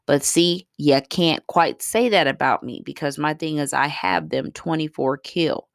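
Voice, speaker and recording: Woman, deep voice, gravelly, blunt profane venting, casual vlog monologue. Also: unhurried, hardly any pauses, dry recording, clean studio sound. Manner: blunt, profane, rambling with many fillers. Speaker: mother vlogging about her day.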